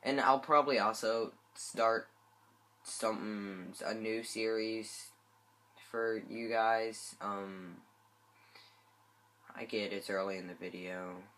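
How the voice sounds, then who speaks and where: A man's voice: fairly low pitch, fairly even intonation, slow pace, pauses often, sharp tone. A man who is sick, giving rambling, hesitant gameplay commentary into a phone mic. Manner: rambling, hesitant, many fillers. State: sick, congested voice. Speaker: gameplay channel host. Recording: guitar music playing behind. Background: guitar music.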